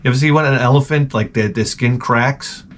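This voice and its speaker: A man's voice: medium pitch, fairly quick, fairly bright tone, slight background noise. A middle-aged man hosting his own show, telling a profane, rambling, self-mocking story full of stammered restarts. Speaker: show host. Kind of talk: casual comedic rant.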